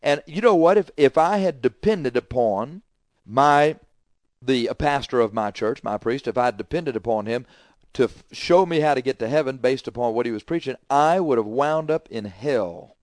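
Speaking at a normal speed and in an animated way, a middle-aged male preacher uses insistent, repetitive wording. He shifts between strong declarations and quiet remarks, his ordinary-pitched voice captured close and dry with no room sound.

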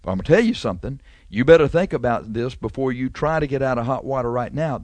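A man preaching a radio sermon with fervor, repeating lines and climbing suddenly in pitch and volume. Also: animated, quick pace, hardly any pauses, a little mellow, no echo.

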